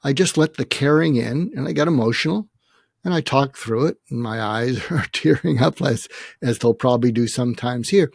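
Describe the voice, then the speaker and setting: A man in his seventies, a psychiatrist guest, talking earnestly and haltingly in a reflective interview, emotional as he faces his own death. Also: medium pitch, creaky, a little mellow, dry recording, clean studio sound. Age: 70s. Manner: earnest, halting, many restarts and fillers.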